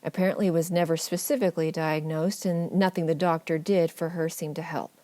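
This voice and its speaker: A woman narrating a family memoir audiobook in a measured, gently wry storytelling manner. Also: deep voice, steady tone, no room sound.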